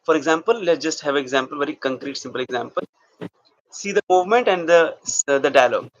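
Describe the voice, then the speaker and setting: A man's voice: fairly high pitch, animated, quick pace, no echo. A man teaching an acting class, explaining steps and checking in with his students. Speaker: acting coach. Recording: dull lo-fi recording.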